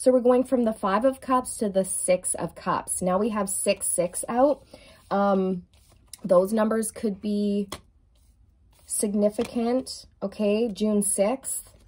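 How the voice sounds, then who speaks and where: A woman doing an effusive, emphatic tarot reading, stretching out key words and now and then singing a lyric softly. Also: mid-range voice, steady tone, slow. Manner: sings song lyrics softly at times. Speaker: tarot reader.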